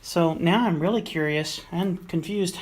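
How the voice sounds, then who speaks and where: A woman's voice: on the low side, measured pace, a little mellow, slightly rough. A woman narrating her own guitar refinishing project in a hands-on vlog, thinking aloud in a musing, hesitant way with frequent fillers and self-corrections. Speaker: DIY maker refinishing a guitar.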